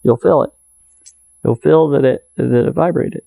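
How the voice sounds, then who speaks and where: Gravelly, mellow-voiced man musing on prayer. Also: fairly high pitch, sing-song, normal speed, no echo, low-quality recording. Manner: earnest, meandering, repeats phrases, soft laughs. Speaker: spiritual video maker. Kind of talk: rambling spiritual monologue.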